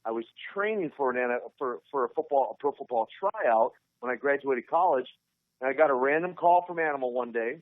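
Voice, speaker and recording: A man's voice: medium pitch, brisk, no echo. A man in his fifties from Minnesota, a guest telling stories in an interview, acting out other people's lines with energy. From Minnesota, USA. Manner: animated storyteller who acts out dialogue. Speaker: interview guest, former pro wrestler. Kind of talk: storytelling on a podcast interview. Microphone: phone call. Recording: tinny phone line.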